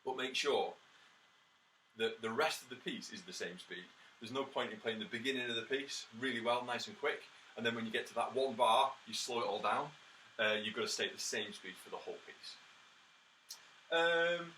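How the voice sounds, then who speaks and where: A man's voice: mid-range voice, pushed and bright. A man giving a brass tutorial, explaining practice tips and counting beats and sounding out rhythms with spoken "ta" syllables. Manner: practical, encouraging, lots of "uh" and "um". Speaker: brass teacher. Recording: somewhat distant mic with faint background noise.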